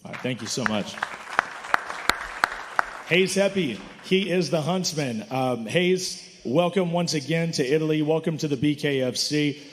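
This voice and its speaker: A man's voice: a little high, a little slow, a faint crowd, slight background noise. Man hyping fighters in a hall. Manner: hyping, enthusiastic. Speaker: press conference host. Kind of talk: emcee questions to fighters. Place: hotel conference hall.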